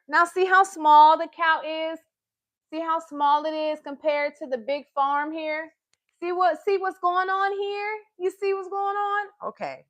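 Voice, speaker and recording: A woman with a high, animated, fairly bright voice hosts a live-streamed children's storytime, reading a picture book aloud close to her device. She reads slowly in a sing-song style and asks the young children questions along the way.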